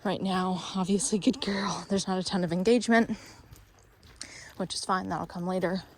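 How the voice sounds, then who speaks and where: A woman's voice: fairly low pitch, steady tone, normal speed, a little mellow, slight background noise. A woman dog trainer, a little out of breath, explaining her training steps while she walks outdoors with a dog, and stopping now and then to praise it. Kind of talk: instructional training walk-through.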